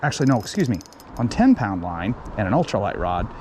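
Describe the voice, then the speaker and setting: A man filming himself fishing a small creek outdoors, chatting excitedly and talking to the fish as he reels them in. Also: on the low side, a little fast, a little hiss or hum. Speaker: fishing vlogger. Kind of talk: casual on-the-spot fishing vlog.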